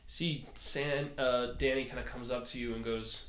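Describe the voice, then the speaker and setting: A man's voice: mid-range voice, steady tone, normal speed, hardly any pauses, a bit bright. A man from Canada running a tabletop role-play game as the storyteller, narrating in a laid-back, conversational way. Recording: roomy with faint noise.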